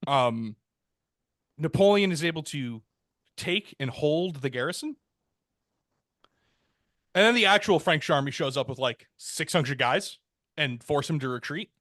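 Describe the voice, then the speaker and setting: A man with a slightly raised voice spins a history story at an unhurried, drawling pace, full of "um" and "like." He breaks into exaggerated character voices for the quotes. The sound is dry and close-miked. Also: animated, a bit bright, no room sound. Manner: laid-back, rambling, frequent "um" and "like"; acts out quoted characters with jumps in pitch. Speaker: podcast co-host.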